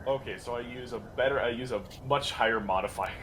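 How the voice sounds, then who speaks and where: A man playing a tabletop game, talking in an animated, exasperated way with frequent swearing, on a hissy home mic. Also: medium pitch, fast. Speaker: player. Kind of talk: tabletop role-play chat.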